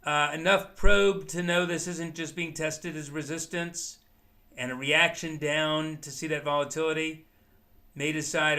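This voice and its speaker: A man's voice: fairly high pitch, fairly even intonation, unhurried, bright, forceful tone. A man teaching day trading live, explaining chart signals step by step and thinking aloud as he goes. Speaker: trading educator. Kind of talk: live market commentary.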